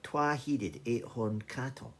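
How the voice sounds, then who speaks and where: A man's voice: mid-range voice, slow, a bit bright, pitched above the performer's own voice. A Scottish man voicing a curious young farm lad in a told folk tale, eager and full of questions. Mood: confident. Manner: eager, wide-eyed questioning. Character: boastful young male farmer's son, curious. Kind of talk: oral storytelling.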